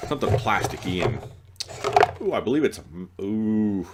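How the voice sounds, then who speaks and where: A man's voice: on the low side, animated, unhurried, long pauses, heavy background noise. A man hosting an unboxing video, chatting casually and joking at himself, groggy after a night out and stumbling over his reading. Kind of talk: casual rambling unboxing talk.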